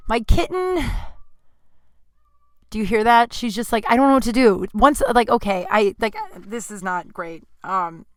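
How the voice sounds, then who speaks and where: Woman in her 30s yapping away on her podcast, smooth clear voice, dry close sound, says like constantly. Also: medium pitch, no room sound. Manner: rambling, full of "like" fillers and self-asides. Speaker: podcast host. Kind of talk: casual storytelling. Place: home apartment.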